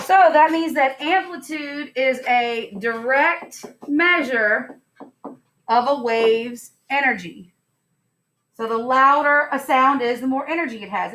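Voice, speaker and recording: High-voiced woman teaching a science class. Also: animated, slow, pauses often, fairly bright tone, slight background noise. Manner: upbeat and playful, asks the class questions.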